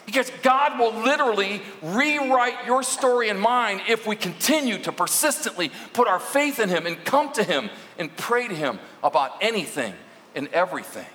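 A man preaches earnestly with a high, bright voice, now and then rising to emphasis. His words carry a long reverb from a large hall. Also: a little hiss or hum. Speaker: lead minister. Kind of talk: sermon.

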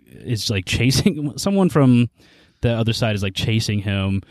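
A man's voice: fairly low pitch, expressive, a little slow, a little mellow, no echo. A man hosts a casual podcast in a laid-back, rambling way. He laughs easily between his thoughts. His voice is close and dry, with no room sound. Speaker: podcast host.

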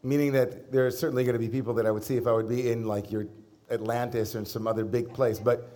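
A middle-aged man, a rabbi, giving a sermon in a conversational storytelling manner with gentle humor. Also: medium pitch, little pitch movement, fast talker.

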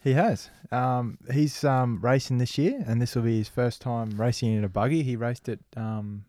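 A young Australian man co-hosting a podcast, laid-back and quick with quips in casual chat. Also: medium pitch, dark tone, no room sound, clean studio sound. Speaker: podcast co-host.

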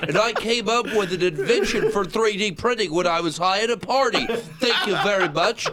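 A man's voice: sits high, normal speed, a loud crowd. A man in a casual podcast chat, making sarcastic, mock-boastful quips.

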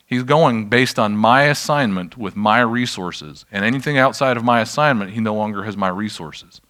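Male pastor, lowish voice, chatty self-deprecating teaching to a room of people. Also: moderate pace, fairly bright tone. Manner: conversational, self-deprecating, checks in with the audience. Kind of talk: informal sermon teaching. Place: church room with an audience.

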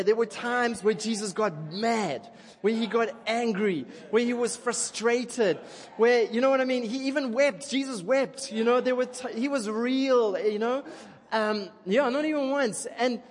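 High-voiced man preaching in an echoing hall. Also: takes it slowly. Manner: animated, chatty, keeps asking "okay?". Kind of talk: sermon. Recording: long reverb of a large hall.

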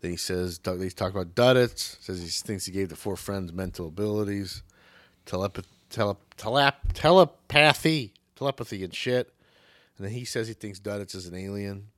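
A man with a lowish voice runs through a movie plot in loose, profane podcast chatter. He jokes as he goes. The sound is close and dry, with no room around it. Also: brisk, dry recording. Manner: profane, jokey, slips into mocking voices. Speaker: podcast co-host. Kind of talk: casual movie recap chat.

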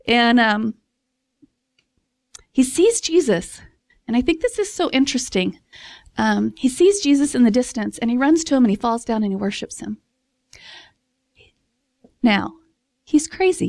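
Woman preacher, casual and expressive, fairly high voice, dry close recording. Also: no room sound. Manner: chatty and expressive, laughs often, acts out voices. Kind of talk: casual sermon.

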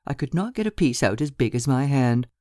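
A woman's voice: a bass voice, lively intonation, brisk, mellow, no room sound. Woman doing a gossipy landlady, rambles on and on, audiobook, dry sound. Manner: rambling, talkative. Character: chatty gossipy middle-aged landlady, woman.

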